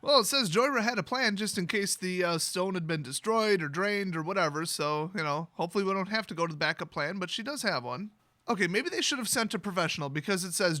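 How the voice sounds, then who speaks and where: A man's voice: high-pitched, expressive, a little fast, sharp tone, dry recording. A man hosting a video, retelling a fantasy novel with sarcastic, mocking asides. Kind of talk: sarcastic comedic story retelling.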